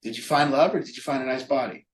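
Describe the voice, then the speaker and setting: A man's voice: medium pitch, fast talker. A man leading a recovery group talk, speaking emphatically and rhetorically. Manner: emphatic, rhetorical, acts out imagined voices. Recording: echoey room.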